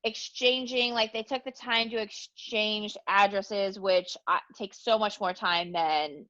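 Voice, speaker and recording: A woman's voice: medium pitch, steady tone, a little slow, bright, forceful tone, lo-fi sound. A woman co-hosting a podcast in casual chat, speaking hesitantly with many restarts and sounding puzzled. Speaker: podcast co-host.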